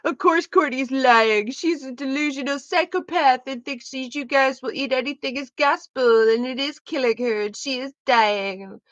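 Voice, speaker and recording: A woman's voice: high-pitched, normal speed, few pauses, fairly bright tone, no echo, lo-fi sound, voice pushed up. A woman voicing a mocking, whiny valley-girl woman who sounds preachy and exasperated.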